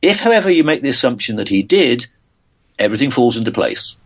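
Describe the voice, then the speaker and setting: An older man from England, a physicist guest, answering interview questions in a thoughtful way, full of pauses, uhs and restarts. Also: mid-range voice, very animated.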